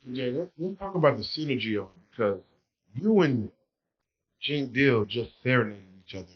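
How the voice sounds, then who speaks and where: Lively hype podcast host. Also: medium pitch, moderate pace, breathy edge. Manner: enthusiastic, hype, affirming. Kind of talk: casual interview chat. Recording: muffled lo-fi sound.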